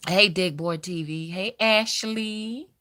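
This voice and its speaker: A woman with a Southern US accent, hosting a casual live stream, chatting, greeting viewers by name and pausing often with "um". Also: mid-range voice, bright, forceful tone. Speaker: livestream host.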